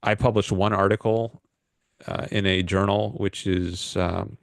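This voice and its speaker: A man with a lowish, steady voice and a touch of vocal fry talks at a measured pace while hosting a call-in livestream. His casual chat rambles and hesitates, packed with fillers. The studio-quality recording has no echo.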